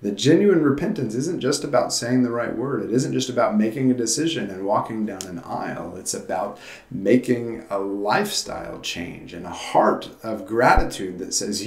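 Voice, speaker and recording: A man's voice: fairly low pitch, animated, moderate pace. A man preaching a sermon as pastor, in an earnest, conversational way with frequent restarts. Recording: roomy echo.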